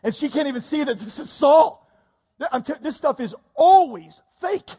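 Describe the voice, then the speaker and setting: A man preaching a sermon, reading scripture and adding quick comic asides. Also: very high-pitched, animated, mellow, big-room sound. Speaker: pastor.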